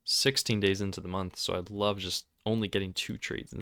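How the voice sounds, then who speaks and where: A man hosting a trading video, talking over his screen in a casual, excitable and sarcastic, self-mocking way. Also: low voice, brisk, vocal fry, few pauses, dry recording. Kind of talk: casual screen-recorded commentary.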